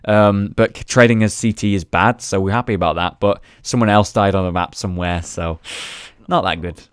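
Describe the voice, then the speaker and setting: A man's voice: sits low, normal speed, smooth, no room sound, studio quality. A young man chatting casually over gameplay footage, recapping rounds and swearing freely. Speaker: gaming video host.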